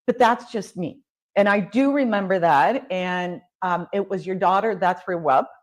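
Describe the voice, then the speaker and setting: Woman in her 50s, guest on a chat show, tells stories with lots of laughs, middle-pitched voice. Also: a little slow. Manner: animated storyteller, laughs often. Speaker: luxury home builder, guest. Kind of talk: casual interview chat.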